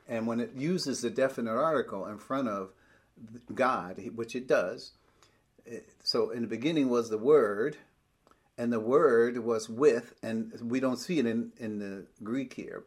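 A man with a fairly low voice teaches a bible study in a plain, explanatory way. He breaks each verse down step by step and slows down whenever he reads scripture aloud. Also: breathy edge.

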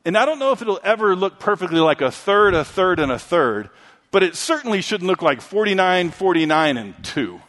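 A man preaching a sermon, telling a story and swinging from loud, emphatic lines to hushed ones. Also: high voice, big pitch swings, fairly quick. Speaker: pastor. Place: church sanctuary. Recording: long hall reverb.

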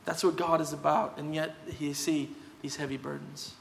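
A man delivers a sermon with a slightly higher voice than most men. He talks in a conversational but emphatic way and drives his points home. The sound rings with a long reverb, as in a large hall. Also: little pitch movement, moderate pace, gravelly, slight background noise. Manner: conversational, emphatic, tag questions. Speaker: pastor.

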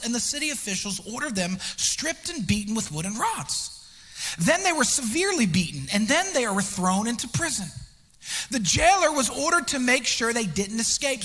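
A man preaching a sermon as pastor, candid and self-deprecating, swinging from hushed whispers to shouted emphasis. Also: very high voice, breathy edge. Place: church auditorium. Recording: long reverb of a large hall.

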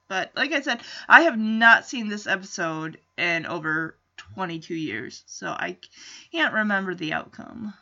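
Woman, casual episode recap, joking asides, bright voice, lo-fi sound. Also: fairly low pitch, animated, a little slow, creaky. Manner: chatty and joking, with indignant asides. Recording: dull lo-fi audio.

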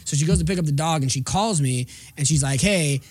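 A man's voice: a little high, fast talker, warm tone, husky. A man in his thirties telling his own stories in casual chat, candid and blunt, swearing often, with frequent restarts.

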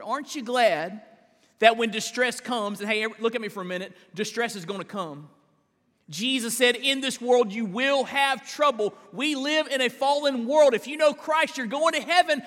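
A male pastor preaching a live sermon in a church, emphatic, with big swings in pitch and drawn-out stressed words. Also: expressive, fairly bright tone, big-room sound. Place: large church sanctuary.

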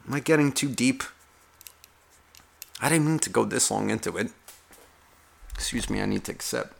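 A man's voice: medium pitch, moderate pace, gravelly. Guy ranting on his podcast, swears a ton, rambles and complains, casual talk. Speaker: podcast host.

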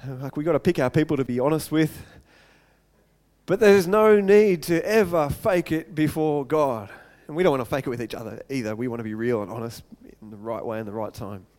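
A man's voice: fairly high pitch, a little mellow, long reverb tail. A pastor preaching a sermon, earnest and often repeating words as he goes.

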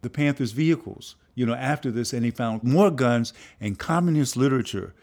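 An older man who is a filmmaker and professor tells an animated story, speaking fairly quickly in a darkish tone. He acts out the voices of the people in it, jumping high in pitch.

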